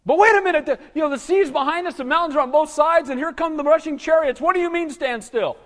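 A man voicing a frightened Israelite in a crowd, panicking and complaining in a high, loud voice. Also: fast talker, big-room sound. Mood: panicked.

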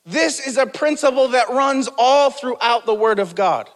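A man's voice: very high-pitched, animated, moderate pace. A man preaching a sermon as pastor, emphatic, repeating key phrases and calling on the congregation to respond. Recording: long hall reverb.

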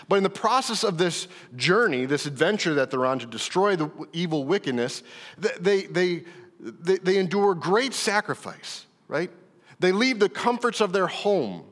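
Pastor guy preaching, kinda high voice, long church echo, lots of restarts. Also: very animated, moderate pace, a bit bright. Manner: earnest, repeats words and restarts, rising with emphasis. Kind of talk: sermon. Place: church hall. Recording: reverberant church hall.

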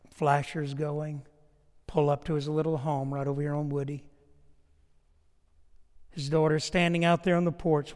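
A pastor preaching a sermon in a church, earnest and emphatic, telling a personal story in short repeated phrases. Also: male voice, a little high, a little mellow. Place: church sanctuary. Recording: long church reverb.

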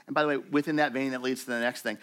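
A man preaching a sermon to his church in a conversational, animated way, acting out quoted voices. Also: mid-range voice, very fast. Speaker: pastor.

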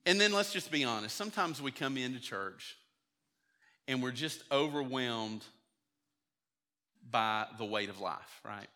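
A pastor in a church sanctuary preaches a sermon like he's telling a story, acting out the voices of people he quotes. His voice sits at medium pitch and sounds bright and pushed, expressive and unhurried, with long pauses. The church hall adds reverb to the recording.

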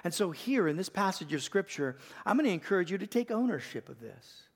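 An older man, a pastor, preaching a sermon with folksy stories, rising louder and higher to stress his points. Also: brisk, breathy edge. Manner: animated, rising in pitch and volume to stress points; folksy storytelling with restarts.

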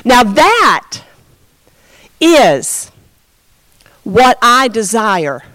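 A woman pastor telling a story in a sermon, expressive and conversational, addressing her congregation. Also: a little high, drawn-out words, dry recording.

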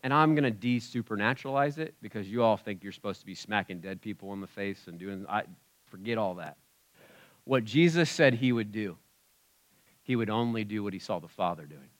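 A man preaching a sermon in a conversational way, swinging between loud emphatic bursts and quiet asides. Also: lowish voice, animated, brisk. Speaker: pastor.

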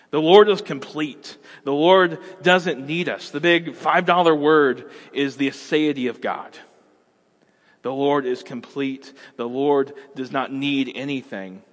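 A man in his thirties preaching a sermon as a pastor, conversational and animated, acting out everyday scenes. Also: medium pitch, in a large hall.

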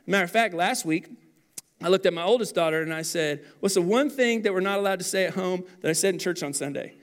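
A man in his thirties preaching a sermon as pastor, animated and then dropping to quiet intensity. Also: sits high, a little fast.

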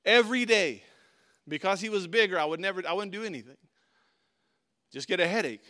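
Animated high-voiced preacher man. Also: brisk. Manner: animated storyteller, swings from quiet to shouting. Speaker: pastor. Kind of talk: sermon with personal story.

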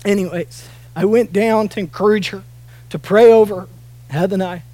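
High-voiced earnest man preaching. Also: moderate pace, no echo. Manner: earnest, swings from soft and near tears to loud emphatic peaks. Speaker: pastor. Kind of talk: sermon. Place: church auditorium.

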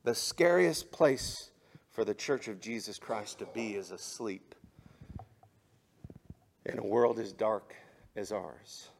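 A male pastor preaching a sermon, moving between quiet, measured passages and rising, impassioned climaxes. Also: lowish voice, creaky, a little hiss or hum.

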